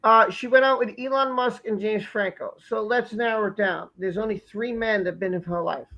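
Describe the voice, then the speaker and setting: A man's voice: high-pitched, fairly even intonation, fairly quick, gravelly, pushed and bright. A man hosting a live stream, asking rhetorical questions in a repetitive, casual way.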